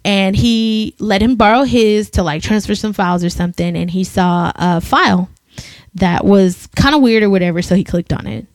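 A woman co-hosting a podcast, chatting casually and telling a personal story with animated, acted-out quotes. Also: medium pitch, moderate pace, no echo. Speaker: podcast co-host. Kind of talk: casual chat.

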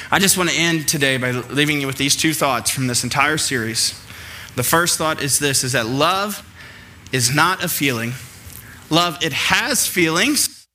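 Animated preaching man, bright voice. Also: on the high side, slight background noise. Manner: animated, conversational preaching with playful asides. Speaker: pastor. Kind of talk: sermon.

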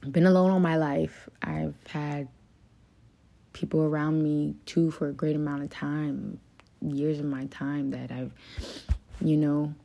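Low-voiced woman venting profanely. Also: fairly even intonation, a little slow, creaky, dark tone. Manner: frequent fillers like "like" and "um". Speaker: podcast host. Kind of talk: confessional solo monologue.

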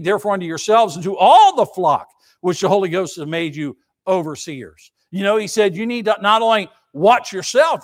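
Delivering a sermon, a male pastor with a high voice drives his points home with emphasis and repetition. Along the way he asks his congregation rhetorical questions.

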